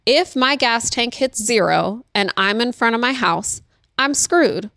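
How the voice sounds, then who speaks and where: A woman's voice: fairly high pitch, lively intonation, measured pace, bright, forceful tone, no echo, studio quality. A woman in her thirties giving parenting advice in a casual, earnest way, repeating her key points.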